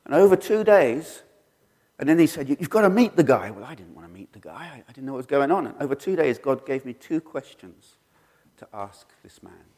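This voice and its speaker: A middle-aged man recounts his testimony, earnestly, with a voice of middling pitch. He brings the people he quotes to life as he tells it. His voice rings out with a long reverb, as if in a large hall. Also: darkish tone. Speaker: speaker sharing his testimony. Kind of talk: personal testimony.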